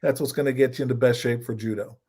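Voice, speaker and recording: A man's voice: medium pitch, fairly even intonation, fast talker, a little mellow. An older man, a judo coach and co-host, giving casual coaching talk in a folksy way, repeating points for emphasis.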